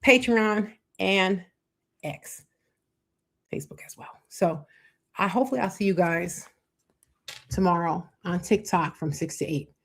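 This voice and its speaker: A middle-aged woman hosting a live faith-based talk on marriage, preachy and animated, acting out quoted voices. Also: lowish voice, measured pace, long pauses. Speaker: show host.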